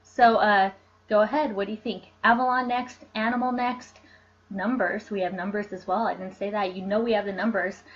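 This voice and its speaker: Bubbly woman doing a lo-fi live card reading. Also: fairly high pitch. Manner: bubbly, chatty, laughs often, reads viewer comments aloud. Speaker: oracle card reader.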